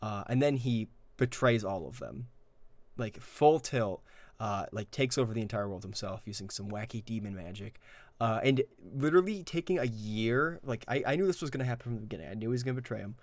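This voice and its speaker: A man's voice: lowish voice, animated, brisk, no room sound. A man chatting casually as a guest game master, rambling and self-deprecating with lots of fillers and restarts. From Ireland. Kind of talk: casual interview chat.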